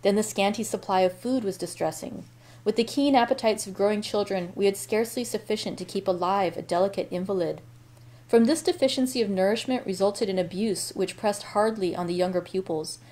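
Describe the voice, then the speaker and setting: A woman hosting a library read-aloud, reading a novel in a steady, unhurried way with small self-corrections. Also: medium pitch.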